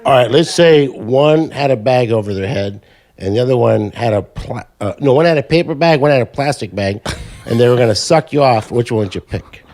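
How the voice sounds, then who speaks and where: Married male co-host, animated pitch, jokey and wry. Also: brisk. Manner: lively, joking questions, wry asides. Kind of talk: crude casual chat.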